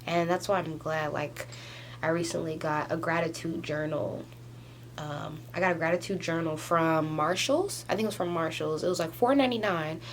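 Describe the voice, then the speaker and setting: Young woman, twenties, low-pitched, crying, rambling, says "like" constantly, camera mic at home. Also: moderate pace, slight background noise. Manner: rambling, heavy use of "like", tearful laughs. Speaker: vlogger. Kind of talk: emotional confessional vlog. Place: at home doing a face mask.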